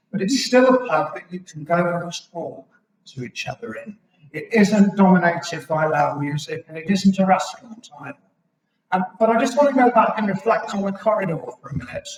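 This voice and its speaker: A British man in his sixties speaks to a gathered audience, his slightly raised voice ringing through a chapel. He picks his way through his memories, halting on frequent ums. He stands back from the microphone, so the room's echo wraps around every phrase. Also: high-pitched. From Britain. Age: 60s. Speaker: guest speaker at a local history evening. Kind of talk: reminiscing public talk. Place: chapel hall. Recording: echoey chapel, mic at a distance.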